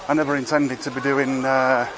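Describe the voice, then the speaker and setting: A man's voice: mid-range voice, level tone, normal speed, background noise. A man giving casual, rambling commentary while walking outdoors through town streets, wry and swearing now and then, recorded on a camera he carries. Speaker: street vlogger.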